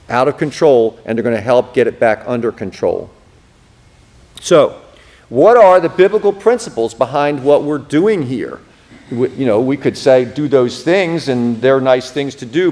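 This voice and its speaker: A male pastor lecturing a class in a relaxed, talky way, voicing the speakers he quotes with plenty of expression. His pitch sits in the middle of the male range, and he keeps throwing in casual asides as he teaches. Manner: animated, acts out quoted speech with expression; casual, asides like "you know what I mean".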